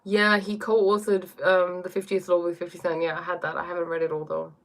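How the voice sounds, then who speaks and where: A woman's voice: lowish voice, little pitch movement, a little fast. A woman hosting a casual stream and answering viewer questions, thinking aloud with fillers and restarts. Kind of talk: casual chat.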